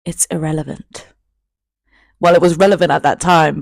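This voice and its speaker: A woman's voice: low voice, fairly even intonation, moderate pace, creaky, slightly rough, dry recording. A woman in her twenties telling a personal story in a chatty, candid, self-mocking vlog. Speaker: vlogger.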